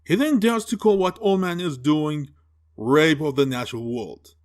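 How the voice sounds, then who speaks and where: A man's voice: fairly high pitch, moderate pace. A man giving a sarcastic, profane film review rant, mocking and exasperated as he picks apart the plot. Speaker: movie reviewer.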